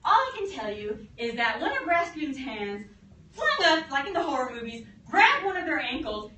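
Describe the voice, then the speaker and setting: A woman history teacher lectures like a storyteller, acting out quotes and laughing along. Her voice sits a bit high and sounds bright. She is picked up from across an echoey classroom. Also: big pitch swings, moderate pace, recorded from a distance, a little hiss or hum.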